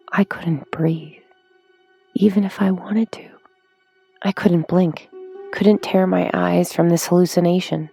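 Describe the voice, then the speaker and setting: A woman narrating a horror story in a hushed, drawn-out way, sometimes dropping to a whisper. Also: fairly low pitch, gravelly. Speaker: audiobook narrator.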